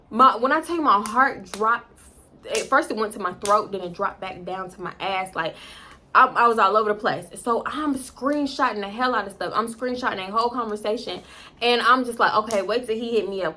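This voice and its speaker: A young woman telling a storytime to camera in casual chat, animated and jumping into loud high-pitched quotes. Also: a little fast, a little hiss or hum. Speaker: storytime vlogger.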